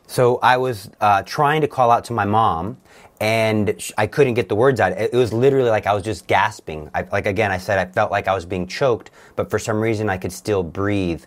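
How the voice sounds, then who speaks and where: A man's voice: fairly low pitch, normal speed. A man appearing as a guest, giving an earnest and intense personal religious testimony.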